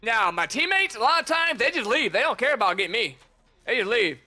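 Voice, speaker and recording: A man's voice: very high voice, very animated, fairly quick, sharp tone. A man streaming a game, chatting casually and teasing the players he meets. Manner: chatty, teasing taunts at opponents. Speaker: gamer streamer. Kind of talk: casual gameplay commentary.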